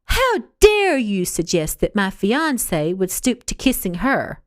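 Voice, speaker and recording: A haughty, spoiled young woman, as a female narrator puts her on, talking down to everyone in a snippy, condescending voice. Her pitch swings a lot as she talks. The sound is dry and close. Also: wildly swooping pitch, unhurried, dry recording.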